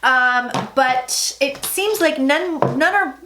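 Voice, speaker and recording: A woman psychic talking through a tarot reading in a chatty, dramatic way, with sudden loud asides. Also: high voice, slow pace, slight background noise. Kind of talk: casual tarot reading vlog.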